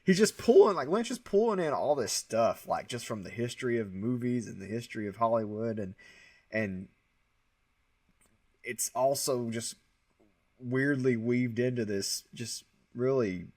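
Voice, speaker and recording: A man's voice: medium pitch, lively intonation, a little slow, a little mellow, no room sound. A man co-hosting a movie podcast, musing casually and reflectively about a film. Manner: musing, many fillers and restarts. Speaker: podcast co-host.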